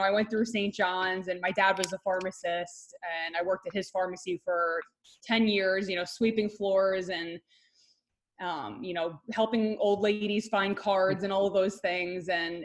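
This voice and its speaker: A woman's voice: on the low side, rough recording. A woman with a Long Island accent, a pharmacist and coach, talking candidly and chattily as an interview guest. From Long Island, New York. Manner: chatty, candid, quick to laugh. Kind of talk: casual interview talk.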